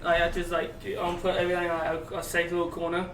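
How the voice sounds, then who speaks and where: A man's voice: high voice, monotone, fast talker, far from the mic. A man playing in a tabletop game, talking loosely and hesitantly. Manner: loose, hesitant talk with fillers. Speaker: player. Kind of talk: casual tabletop play. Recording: echoey room, off-mic, noisy.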